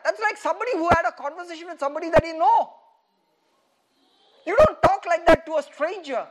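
A man preaching a sermon in an animated way, often laughing and asking his listeners rhetorical questions. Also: very high voice, fairly quick, long pauses.

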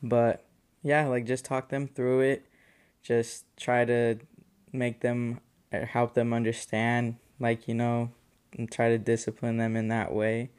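A young man in his twenties with a smooth, resonant voice that barely rises or falls. He chats casually as a podcast co-host, relaxed and hedging his points with "like" and "you know". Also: medium pitch, measured pace. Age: 20s. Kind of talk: casual chat.

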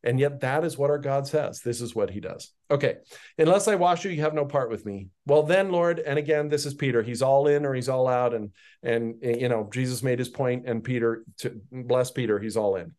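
A man's voice: medium pitch, moderate pace, a little mellow. A man teaching a Bible passage on a podcast in a conversational way, reading verses aloud and then paraphrasing them in his own words. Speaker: pastor.

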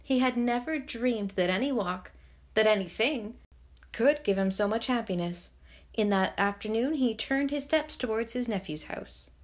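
This audiobook of a classic novel is read by a woman whose voice is a little high, and her storytelling is measured and expressive.

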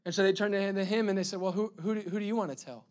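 A male pastor preaching with a high, bright voice. He talks energetically, trips over his words and restarts them, and breaks into sudden loud bursts. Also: fairly even intonation, very fast. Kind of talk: sermon.

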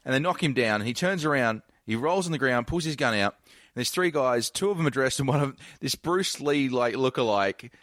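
A man's voice: mid-range voice, fairly quick, no echo, studio quality. A man co-hosting a casual movie chat, recapping his favourite scenes and laughing as he tells them. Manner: laughs while telling, expressive recaps. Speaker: podcast co-host.

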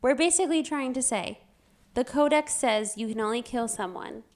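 A woman's voice: a little high, normal speed, a little mellow. A woman co-hosting a podcast in casual chat, talking loosely and filling her speech with "like". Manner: chatty, fills speech with "like", laughs often. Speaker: podcast co-host.

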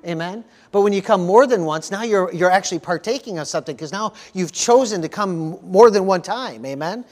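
A male pastor preaching a sermon at a church service, earnest and repetitive, often stopping to ask the congregation for an amen. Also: high voice. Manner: earnest preaching, frequent call-outs for "amen", repeats words.

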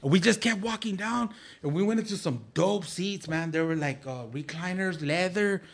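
A man from Arizona with a high, gravelly voice tells stories in a loose podcast chat. He laughs between lines and slips into the voices of the people he quotes. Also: moderate pace. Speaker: podcast guest. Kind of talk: casual storytelling chat.

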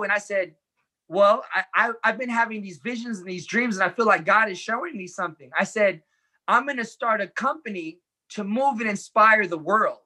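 Male interview guest, bright and edgy in tone, earnest storyteller who acts out quoted dialogue. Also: high voice, a little fast. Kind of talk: personal storytelling in conversation.

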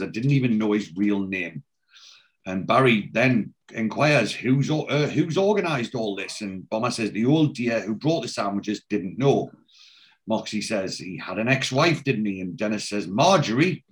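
This casual podcast host recaps a TV episode scene by scene in a lowish, animated voice at normal speed. He drops into characters' lines with little change in tone and fills pauses with ums and restarts.

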